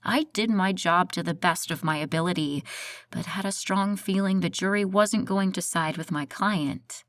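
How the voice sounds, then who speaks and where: A woman narrating a first-person audiobook in a steady, measured storytelling voice. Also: lowish voice, dry recording.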